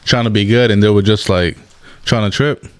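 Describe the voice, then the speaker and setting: A man's voice: fairly low pitch, fairly even intonation, brisk, clear, resonant tone, dry recording. Man asking short interview questions. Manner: brief prompting questions and backchannel murmurs. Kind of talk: casual interview.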